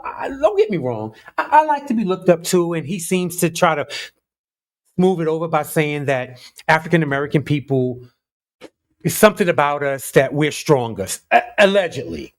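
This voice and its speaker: A man giving casual, animated commentary on the news, talking straight to his viewers with open disbelief. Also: on the high side.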